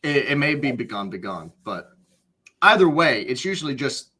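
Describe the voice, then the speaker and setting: Man, comics podcast co-host, mid pitch, animated intonation, bright tone, hesitant with fillers. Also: moderate pace. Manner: animated, hesitant with many ums, playful. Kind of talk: casual comic book review chat.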